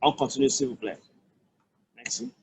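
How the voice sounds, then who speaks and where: A Nigerian-accented man tutors an online French lesson, patiently repeating and breaking down each phrase with slow, careful examples. His medium-pitched voice is very animated, and the rough recording carries a little hiss or hum.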